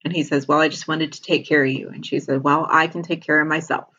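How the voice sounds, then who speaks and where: A woman's voice: low-pitched, level tone, fast, pushed and bright, slightly rough. Woman recapping a show all chatty, laughs a lot, kinda muffled lo-fi audio. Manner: chatty retelling, laughs often. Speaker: podcast co-host. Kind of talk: casual TV episode recap.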